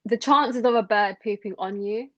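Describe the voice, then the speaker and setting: A woman's voice: medium pitch, normal speed, dry recording. Young woman co-host, casual and hesitant, dry and slightly dull recording. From Sri Lanka. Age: young adult. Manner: chatty, hesitant with many fillers. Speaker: podcast co-host. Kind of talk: casual chat.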